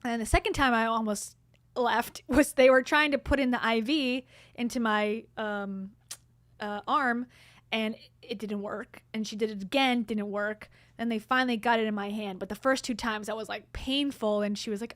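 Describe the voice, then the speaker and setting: A middle-aged woman hosts a casual livestream and tells her own stories in a chatty way, laughing often. Her voice sits a little high. The sound is dry and close to a streaming mic. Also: steady tone, moderate pace, a bit bright, no echo. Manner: chatty storytelling, frequent laughs. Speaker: livestream host.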